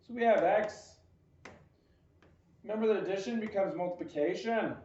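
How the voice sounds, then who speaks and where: A man with a high, light voice teaches a math homework lesson. He keeps quizzing the listener with playful, jokey asides. The recording is dull and lo-fi, with an echo around him. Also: fairly quick, a little mellow.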